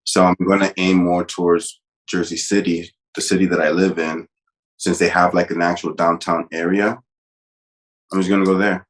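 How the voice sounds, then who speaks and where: A man speaking as a guest on a podcast, plainspoken and matter-of-fact. His voice is very deep. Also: level tone, moderate pace. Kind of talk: casual chat.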